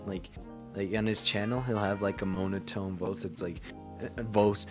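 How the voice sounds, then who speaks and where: A man's voice: lowish voice, steady tone, normal speed, over music. A young man co-hosting a casual podcast, rambling with lots of restarts and fillers as he talks over a voice call. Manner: rambling, many restarts and fillers, laughs often. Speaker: podcast co-host. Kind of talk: casual chat.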